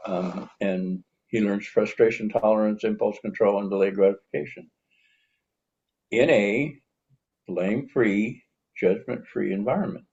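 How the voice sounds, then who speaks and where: An older man with grandchildren, explaining calmly on a podcast with frequent pauses and fillers. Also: on the low side, husky. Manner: calm, explanatory, frequent hesitations. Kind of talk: podcast conversation. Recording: dull lo-fi sound.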